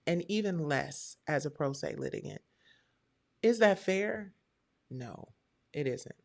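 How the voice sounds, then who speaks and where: A woman's voice: low-pitched, vocal fry. A woman hosting a live stream, chatting casually and talking straight to her viewers.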